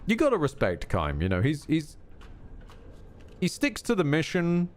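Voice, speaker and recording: A man's voice: a little high, huge pitch swings, a little slow. A man streaming a video game, chatting casually with rambling asides and frequent self-corrections. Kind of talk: casual live gameplay commentary.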